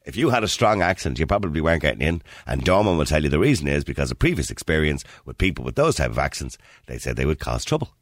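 Casting: Irish male radio host, brisk, lively, bone-dry studio sound. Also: extremely low pitch, no room sound. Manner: animated, joking, laughs often. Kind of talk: phone-in radio talk.

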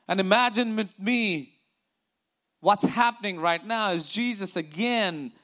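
A male preacher with a notably high voice delivers a sermon. He reads scripture in a measured way, then shifts into a casual, storytelling style full of "you know" and restarts. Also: fairly bright tone. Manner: conversational, with fillers and restarts while preaching.

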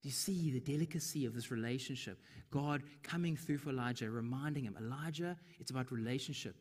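A man preaching a sermon in a conversational way, dropping into soft whispers when he quotes. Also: medium pitch, brisk, big-room sound.

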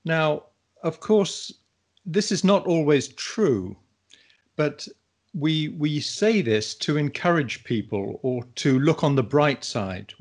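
A man who is a guest on a casual podcast, an English teacher giving thoughtful, measured explanations. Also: mid-range voice.

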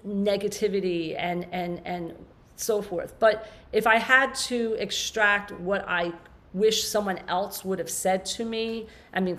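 A woman's voice: medium pitch, a bit bright. Woman, fifties, podcast guest, earnest, passionate, rambling. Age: 50s. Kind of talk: emotional conversational interview.

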